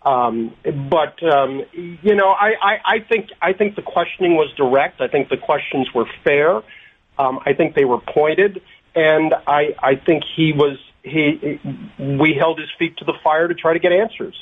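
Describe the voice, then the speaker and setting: A man answering radio interview questions by phone, halting, with many ums and restarted phrases. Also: a little high, slightly rough. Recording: tinny phone line.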